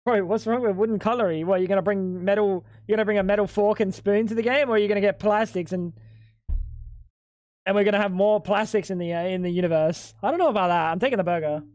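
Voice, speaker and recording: A man's voice: sits high, fast, a little mellow, no room sound, studio quality. A young man streaming live at home, bantering with chat in a crude, joking way. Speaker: livestreamer.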